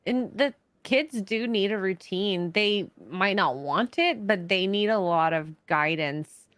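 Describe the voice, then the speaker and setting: A woman's voice: medium pitch, a bit bright, no room sound. Playful chatty woman co-host. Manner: chatty, playful, quick to laugh. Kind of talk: casual podcast chat.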